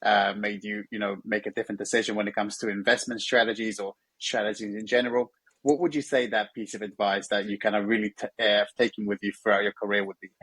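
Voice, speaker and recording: A man's voice: lowish voice, level tone, quick pace, fairly bright tone, husky, no room sound. A man hosting an interview, asking long, rambling questions full of fillers. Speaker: host.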